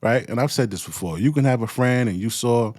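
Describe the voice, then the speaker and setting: A man's voice: medium pitch, brisk, darkish tone, no echo, studio quality. A man giving a heated, profane commentary rant full of slang, as the show's host. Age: adult with children. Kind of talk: ranting commentary.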